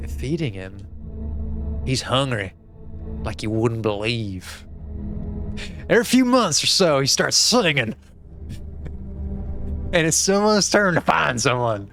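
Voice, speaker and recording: A man's voice: mid-range voice, sing-song, slow, vocal fry, long pauses, fairly bright tone, exaggerated voice. Brief: man reading as a grim old cult member with a wandering backwoods drawl, faint music behind. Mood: menacing. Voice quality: shifting put-on rural drawl. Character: old male cult member, sinister and folksy. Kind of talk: reading game text aloud in voices.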